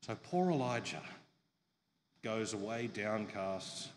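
Lively, humorous male preacher in a hall. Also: fairly low pitch, slow pace, a little hiss or hum. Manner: lively humorous storytelling, asks the congregation. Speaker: pastor. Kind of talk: sermon.

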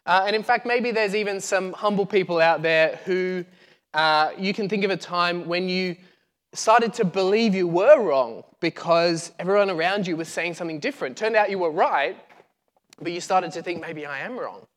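Higher-voiced male preacher, chatty and joking, on a lapel mic in a reverberant hall. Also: moderate pace, a bit bright. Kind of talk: casual sermon. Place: church hall.

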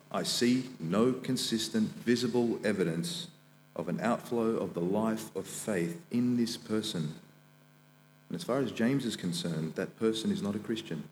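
Young man, student minister, earnest sermon, long church reverb, faint mains hum. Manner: earnest preaching, rises high and loud when quoting scripture.

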